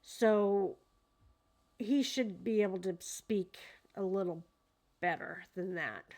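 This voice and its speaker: A woman reads a deposition aloud at home, breaking off to comment in a casual, incredulous way. She hesitates often and fills her pauses with ums. Her voice sits at an ordinary middle pitch. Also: darkish tone. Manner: incredulous, hesitant with many fillers. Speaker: true crime commentator.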